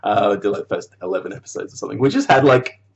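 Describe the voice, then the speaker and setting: On his video blog, an animator rambles casually in a low, racing, creaky voice, and the audio is dull. He laughs a lot, swears freely, and drops his thoughts halfway through.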